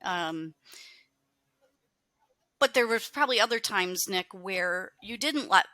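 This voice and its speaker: A woman's voice: medium pitch, lively intonation, slow pace, sharp tone, no room sound. A woman guest on a casual podcast chat, speaking with enthusiasm and emphasis.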